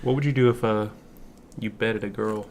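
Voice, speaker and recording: A man's voice: on the low side, fairly even intonation, normal speed, a little mellow, a little hiss or hum. A man co-hosting a podcast, joking around in casual chat. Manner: joking, laughs often. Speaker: podcast co-host.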